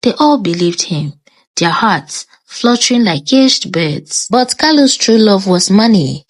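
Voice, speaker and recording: A woman with a Nigerian accent narrates a scripted folktale in a lively, lilting voice that swoops through a wide pitch range. Her delivery is expressive and storybook-paced. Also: measured pace.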